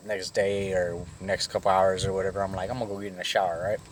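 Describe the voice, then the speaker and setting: Middle-aged man, lowish voice, rambling casual storyteller, heavy street slang. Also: little pitch movement, quick pace, few pauses, a little hiss or hum. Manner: rambling, profane street slang, many restarts. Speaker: vlogger.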